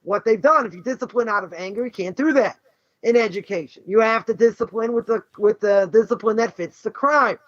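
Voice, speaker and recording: With no room sound in a dull, dry lo-fi recording, a high-pitched Boston man teaches a class as a rabbi, talking a little fast. His animated Torah lesson is emphatic, driven by rhetorical questions and constant "right?" and "you know."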